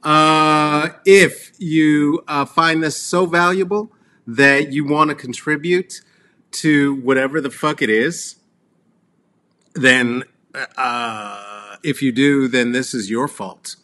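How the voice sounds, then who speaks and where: His voice sits on the high side, steady and sharp, as this middle-aged Colorado comedy host talks slowly through a rambling solo set. The monologue is crude and sarcastic, with lots of fillers and trailing asides.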